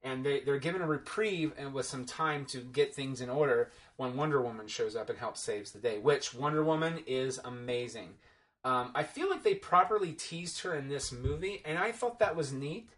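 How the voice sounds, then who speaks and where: A man's voice: mid-range voice, fairly bright tone. A man giving a casual, rambling and sarcastic film review, full of fillers and restarts.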